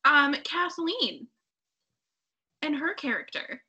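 A young woman talking casually about a book with friends, animated and quick to act out her own reactions. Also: high-pitched, highs cut off. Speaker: book club member.

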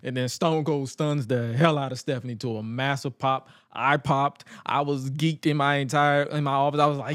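A man's voice: mid-range voice, normal speed, few pauses, dry recording, studio quality. A man co-hosting a podcast, casually recapping wrestling and acting out funny quotes. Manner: animated, joking storyteller who acts out quotes. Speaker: podcast co-host.

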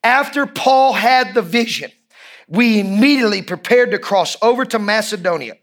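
A pastor preaching a sermon with energy and emphasis, repeating lines and breaking into shouts, joking informally with his congregation. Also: high-pitched, lively intonation, normal speed.

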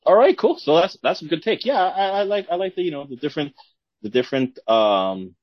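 A man's voice: fairly high pitch, very animated, fairly quick, no room sound. A man co-hosting a podcast in casual chat, agreeable and often repeating his words. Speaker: podcast co-host. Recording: dull lo-fi sound.

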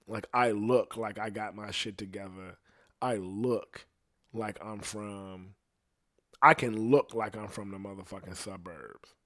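Profane, animated male storyteller. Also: fairly low pitch, unhurried, no room sound, clean studio sound. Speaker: podcast host. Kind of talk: storytelling podcast chat.

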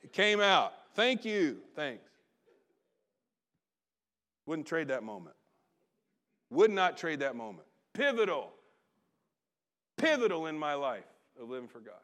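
A middle-aged man, a pastor, telling a personal story in a sermon, animated and then dropping to quiet asides. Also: on the high side.

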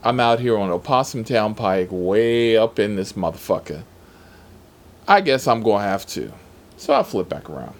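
A man's voice: lowish voice, big pitch swings, normal speed. A man who drives for a rideshare service, telling stories from his shifts in a sassy, heavily profane, emphatic way. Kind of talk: casual storytelling vlog.

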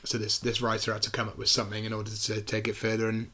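Man, casual film review chat, acts out scenes in bursts. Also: fairly low pitch. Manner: animated retelling, acting out scenes in quick impressions. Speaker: podcast co-host.

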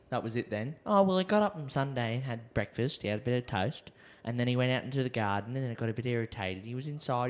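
An Australian man co-hosting a podcast in casual chat. His voice swings lively up and down as he acts out the lines he quotes, at a middling pitch. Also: fast, hardly any pauses. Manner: animated storyteller, acts out quotes. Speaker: podcast co-host.

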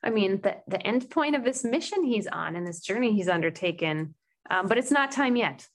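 A woman's voice: medium pitch, lively intonation, normal speed. A woman in her thirties co-hosting a casual Bible discussion, speaking in a thoughtful, reflective way and laughing easily. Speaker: co-host of a scripture discussion.

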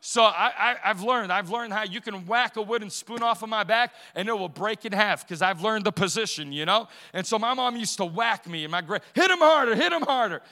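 Male preacher from Portugal, bright storytelling voice, testimony sermon with long hall reverb. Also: high-pitched, brisk, few pauses. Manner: storytelling, rising to emphatic preaching.

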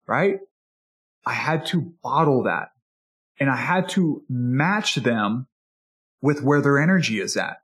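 An energetic, enthusiastic man teaching as a speaking coach in a motivational podcast talk, sometimes acting out a customer and a salesperson. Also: mid-range voice, slow pace, pauses often. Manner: energetic and enthusiastic, animated delivery; acts out customer and salesperson dialogue.

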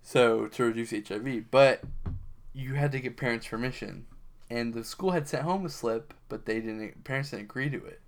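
A man's voice: mid-range voice, normal speed, a little hiss or hum. Rambling man in casual chat. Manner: rambling storyteller, lots of fillers and restarts.

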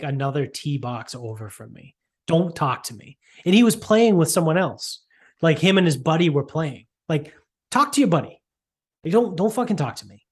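Rambling, profane man telling stories. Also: on the high side. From Boston area. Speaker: podcast co-host. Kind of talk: casual chat.

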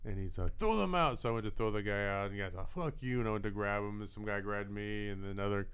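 A man with a low and very smooth, clear voice tells, in a halting, low-key way, of a brawl during his door job. His speech is plain and unhurried, with fillers here and there. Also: flat delivery, a bit bright. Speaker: door staff at a comedy club. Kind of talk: casual storytelling chat.

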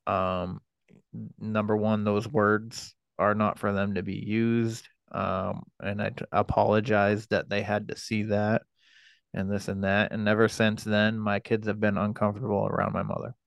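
Podcast guest, man in his thirties, low-pitched, halting storyteller who swears a lot, close and dry sound. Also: level tone, gravelly, no room sound. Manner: halting, profane, frequent fillers and restarts. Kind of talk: personal storytelling.

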